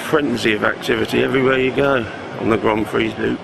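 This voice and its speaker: A relaxed man gives a chatty walk-around commentary with a gravelly edge to his voice. He is recorded outdoors, and clear traffic and car noise run behind him. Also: mid-range voice, a little fast. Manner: relaxed, chatty with hesitant fillers. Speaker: vlogger on a track visit. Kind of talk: casual walk-around narration. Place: outdoors at a racetrack.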